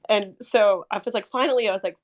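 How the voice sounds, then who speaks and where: A woman's voice: medium pitch, quick pace. A woman talking in a casual group conversation, rambling with lots of fillers and emotion as she remembers a friend. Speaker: community member sharing memories.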